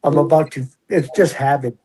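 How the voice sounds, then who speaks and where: A man in his sixties, a retired prison officer, telling stories in a relaxed, chatty way and acting out the voices of others. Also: fairly high pitch, normal speed, husky, poor audio. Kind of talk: casual storytelling.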